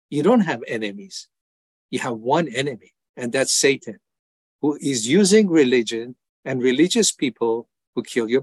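A man's voice: a little high, darkish tone, dry recording. An older man from Iran, giving his personal testimony as an interview guest in an earnest, emphatic way. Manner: earnest, emphatic, acts out his prayers and replies in a raised voice. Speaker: ministry founder, interview guest.

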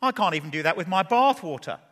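A man preaching in a lively way, firing questions at his listeners and slipping in playful asides. His voice sits high and sounds bright and forceful. A long hall reverb trails behind him. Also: quick pace. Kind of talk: expository sermon.

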